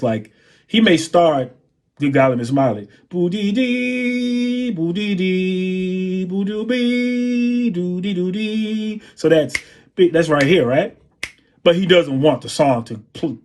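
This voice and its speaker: A drummer appearing as a guest on an interview show tells anecdotes in a relaxed manner, scatting drum patterns along the way. His voice is mid-range and husky.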